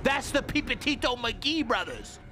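A young man streams a horror game in a high, restless voice that leaps all over the place. He swears freely, calls his chat "gang," and hushes to a whisper when he gets scared. Game music plays clearly behind him. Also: very animated, normal speed. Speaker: gaming streamer. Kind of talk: live horror game commentary.

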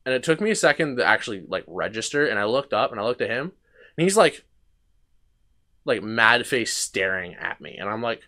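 A man's voice: medium pitch, very animated, fairly quick, pushed and bright. Young man rambling through a story. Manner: rambling anecdotes with frequent restarts and swearing. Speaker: podcast host. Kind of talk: casual storytelling chat.

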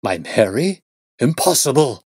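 A man's voice: mid-range voice, very animated, measured pace, darkish tone, husky, dry recording, pitched above the performer's own voice. Man playing anguished middle-aged banker, pleading, exclaiming, dry close recording. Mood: alarmed.

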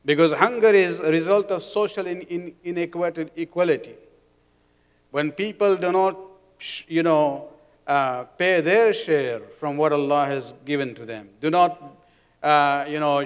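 Male lecturer with a clear, resonant voice, speaking in a reverberant hall. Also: fairly high pitch. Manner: explanatory, with restarts and Arabic terms. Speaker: religious lecturer. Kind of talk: sermon. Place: community centre hall.

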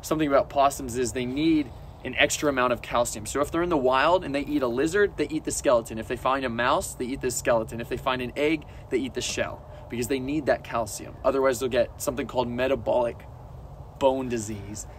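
A man's voice: mid-range voice, brisk, a little hiss or hum. A man vlogging casually with his pet, playful and cooing at it in baby talk.

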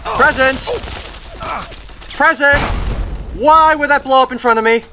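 A young man commenting on a video game he is playing, excitable and swearing, often yelling at the game. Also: very high-pitched, fast talker. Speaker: let's play gamer. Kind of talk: gameplay commentary. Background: game music.

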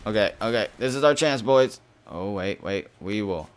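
A young man hosting a gaming channel, giving live commentary over his own match, shifting between calm explanation and sudden cursing outbursts. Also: lowish voice, moderate pace, smooth. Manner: frustrated, swearing, swinging between calm and outbursts.

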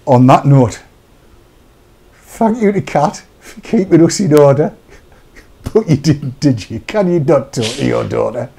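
Jokey man, mellow voice. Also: on the high side, unhurried, gravelly, pauses often, breathy edge. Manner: jokey, chatty, animated asides. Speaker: co-host of a vaping talk show. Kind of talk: casual live-stream chat.

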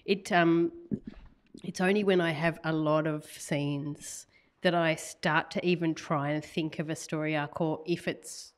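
Author guest, woman, middle-aged, low voice, relaxed storytelling, acts out the quotes. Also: a little slow. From Australia. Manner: animated storyteller, laughs often, acts out quoted messages. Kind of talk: casual conversational interview.

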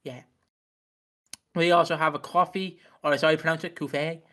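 A young man co-hosting a casual podcast chat, his voice sitting a little high. He rants freely and swears a lot as he talks. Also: fairly even intonation, normal speed, bright, forceful tone. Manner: ranting, heavy swearing. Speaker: podcast co-host.

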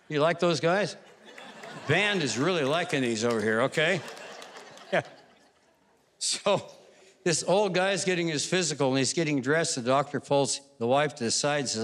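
Man doing stand-up on a theater stage, higher voice, long hall reverb behind him. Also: unhurried, long pauses, a bit bright. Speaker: stand-up comedian. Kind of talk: stand-up joke telling on a stage.

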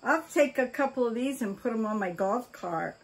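A woman's voice: a little high, lively intonation, normal speed, slightly rough. An older woman chatting casually while she opens fan mail, gushing with oohs, gasps and exclamations of delight. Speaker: vlogger opening fan mail. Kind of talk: casual mail-opening chat.

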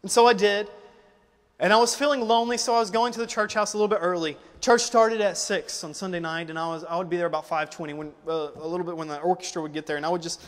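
A young man delivers a sermon in a fairly high voice, building to loud, driving exhortation and then dropping to a quiet, emotional tone for his own story. His voice rings out with the long reverb of a church hall. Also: fairly even intonation, fast. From United States. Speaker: preacher. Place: church auditorium.

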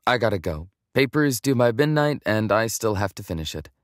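A man's voice: fairly low pitch, very animated, brisk, no room sound, clean studio sound. A man voicing a candid, self-conscious young woman student who blurts things out nervously. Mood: earnest.

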